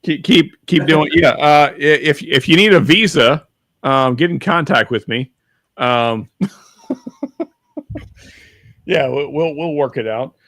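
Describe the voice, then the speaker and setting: A man's voice: fairly high pitch, a bit bright, no room sound. Rambling man on a dry close mic. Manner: rambling, halting, many restarts and fillers; reads viewer chat aloud. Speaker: podcast co-host. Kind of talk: casual chat.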